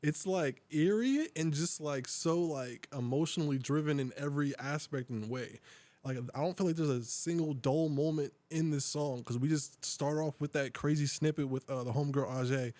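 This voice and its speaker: A man's voice: on the high side, normal speed, a little mellow, dry recording. A young man, a guest rapper and producer, talking loosely in a casual podcast chat, full of "like" and "bro".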